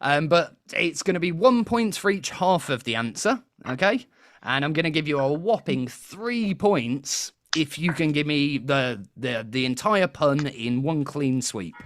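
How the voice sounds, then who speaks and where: A man's voice: on the high side, lively intonation, measured pace, dry recording, studio quality. A British man hosting a live quiz show, chatty and self-deprecating, often laughing as he talks.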